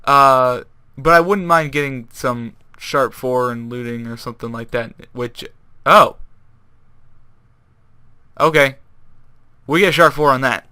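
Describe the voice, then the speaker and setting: Young male gaming commentator, upbeat and rambly, crisp tone, dry close sound. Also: medium pitch, slow, long pauses, bright, forceful tone, no echo. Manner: rambling, self-correcting, upbeat. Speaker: Minecraft YouTuber. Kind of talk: casual gameplay commentary.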